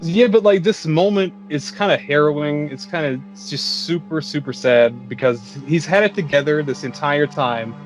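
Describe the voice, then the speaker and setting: A man co-hosting a podcast, dropping wry jokes while chatting about a movie. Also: fairly high pitch. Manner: joking, wry asides. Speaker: podcast co-host. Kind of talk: casual movie recap chat.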